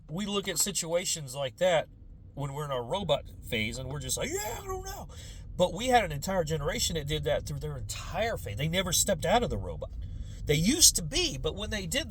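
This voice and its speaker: Animated, swearing man ranting. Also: on the high side, a little hiss or hum. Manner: profane, animated, lots of quoted voices. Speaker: commentator. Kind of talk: casual comedic rant.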